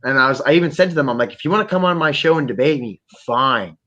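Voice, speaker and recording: A man from Canada hosting a podcast, talking in a rambling, profane, animated way. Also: mid-range voice, fast talker, muffled recording. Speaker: podcast host. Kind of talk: casual chat.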